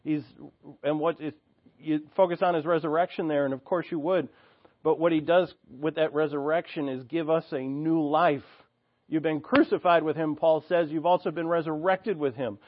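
A man's voice: fairly high pitch, fairly even intonation, normal speed, no room sound, lo-fi sound. A man preaching an expository sermon, reading scripture aloud and explaining it in an earnest, teaching way, thinking aloud with restarts.

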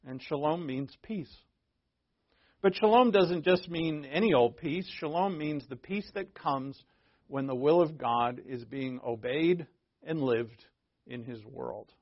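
A man with a somewhat high voice teaches a Bible passage verse by verse, talking it through casually and restarting phrases as he goes. The recording sounds dry and a little dull, with no room around him. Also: takes it slowly, no echo. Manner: conversational and digressive, with frequent restarts; explains terms plainly for listeners.

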